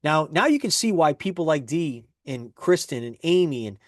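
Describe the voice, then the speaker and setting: A man's voice: fairly high pitch, sing-song, moderate pace, no room sound, studio quality. A man giving a recorded sales presentation, upbeat and explaining step by step.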